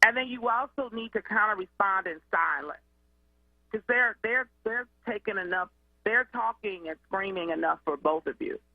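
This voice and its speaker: A woman educator and student advocate, a guest calling in to a radio show, explaining in an animated, conversational way. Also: mid-range voice, moderate pace, no echo. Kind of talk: radio call-in interview. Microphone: phone line. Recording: tinny phone line.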